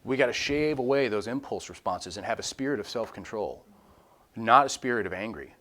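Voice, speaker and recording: Man, small-group Bible study leader, informal teaching, animated, candid, self-deprecating, acts out voices. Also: fairly low pitch, fairly quick.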